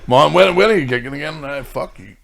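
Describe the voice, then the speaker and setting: A man's voice: a little high, brisk, vocal fry, a bit bright. A man, a comedian hosting a podcast, chatting casually, swearing often and teasing his co-host. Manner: sweary, teasing, mimics others. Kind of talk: casual banter.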